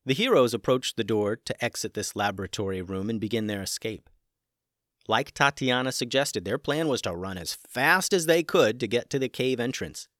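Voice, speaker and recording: A man narrating a children's adventure story, shifting expressively between hushed suspense and excitement. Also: mid-range voice, normal speed, no echo, clean studio sound.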